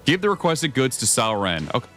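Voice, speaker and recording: Here a young streamer chats casually with viewers over faint background music, his mid-range voice sing-song, fairly quick, and fairly bright. His gameplay commentary rambles between thoughts and is full of swearing.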